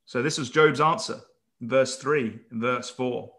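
A man's voice: medium pitch, a little slow, fairly bright tone. A man preaching an earnest Bible-study sermon, emphatic and stumbling into restarts as he presses his points.

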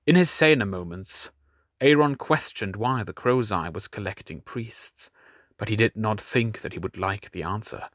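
Grave, low-voiced male audiobook narrator. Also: normal speed, dry recording, studio quality. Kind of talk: scripted narration.

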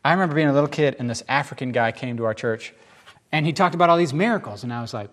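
A man giving informal, emphatic Bible teaching in a lively, conversational way. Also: mid-range voice, quick pace.

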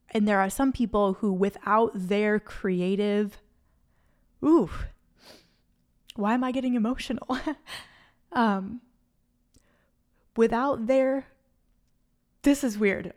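A woman's voice: medium pitch, fairly even intonation, moderate pace, long pauses. A woman hosting her own podcast, talking solo into a microphone in an earnest, faith-filled, rambling stream of consciousness. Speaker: podcast host. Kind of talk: unscripted solo podcast reflection. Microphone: studio microphone.

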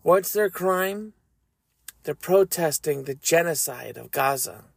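Slow, gravelly-voiced man reading scripture. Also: on the high side, expressive, dry recording. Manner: earnest, measured, reflective. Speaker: podcast host. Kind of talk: faith commentary and scripture reading.

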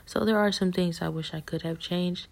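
A woman giving a personal faith testimony in a soft, halting voice that often drops to a half-whisper. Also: fairly low pitch, fairly even intonation, vocal fry.

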